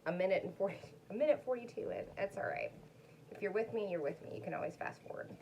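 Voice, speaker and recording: A woman's voice: lowish voice, huge pitch swings, fast, creaky, warm tone, slight background noise, rough recording. A woman doing a casual, rambling tarot card reading, chatting to her viewers. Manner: chatty, rambling, talks to her dog between cards. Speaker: tarot reader.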